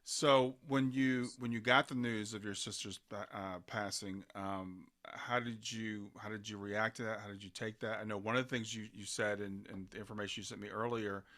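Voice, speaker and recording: A man hosting an interview podcast, asking questions in a halting way and murmuring agreement often. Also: fairly low pitch, fairly even intonation, fairly bright tone. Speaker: podcast host. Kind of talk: conversational interview.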